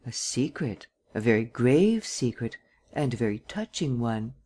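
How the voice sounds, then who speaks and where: A cunning gentleman thief, read by the man narrating the audiobook talks calmly and drily. He is measured and self-assured, never hurried. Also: mid-range voice. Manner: calm, measured, drily ironic. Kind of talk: audiobook reading.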